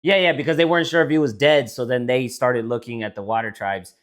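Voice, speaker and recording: A man's voice: mid-range voice, fast talker. A man co-hosting a casual podcast chat, rambling and swearing, with frequent restarts. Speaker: podcast co-host.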